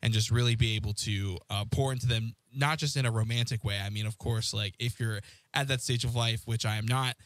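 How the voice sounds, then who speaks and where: A man's voice: mid-range voice, steady tone, a little fast, a bit bright, no room sound. A man co-hosting a casual talk show, speaking in an earnest, reflective way with lots of fillers. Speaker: co-host. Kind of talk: casual podcast chat.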